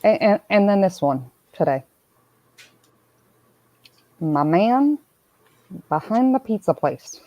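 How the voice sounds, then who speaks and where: A woman's voice: mid-range voice, very animated, slow, pauses often, no echo, highs cut off. A woman hosting a casual livestream, rambling and calling out viewers by name as she reads their comments. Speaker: streamer host reading chat.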